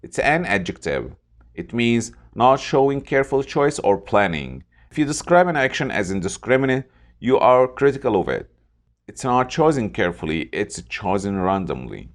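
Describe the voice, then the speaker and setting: A man teaching English vocabulary, saying each word slowly and repeating it for pronunciation. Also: lowish voice, sing-song. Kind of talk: scripted vocabulary lesson.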